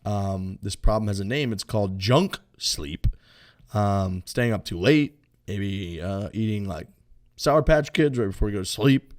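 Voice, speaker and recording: A man co-hosting a casual podcast, with a voice sitting a bit lower than most men's. He talks in a relaxed, rambling way, full of fillers, even when he reads the sponsor spot off the cuff. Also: a little slow. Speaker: podcast co-host. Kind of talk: casual podcast chat and loose ad read.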